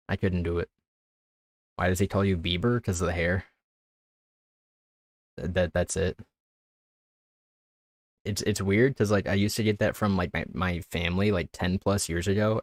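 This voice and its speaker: A man's voice: sits low, no room sound. A young man chatting casually while streaming a game, rambling, laughing often and tripping over his words. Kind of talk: casual gameplay commentary. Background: background music.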